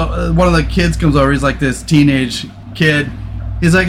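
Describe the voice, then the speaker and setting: A man hosting a podcast in casual chat, animated and swearing freely, laughing often. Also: fairly high pitch, moderate pace, a little hiss or hum. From California. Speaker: podcast host.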